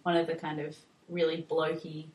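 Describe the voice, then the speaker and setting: A young woman chatting casually about ad ideas, lively and quick to laugh. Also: deep voice, slight background noise. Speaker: co-host discussing ad ideas. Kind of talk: casual chat. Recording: roomy, distant mic.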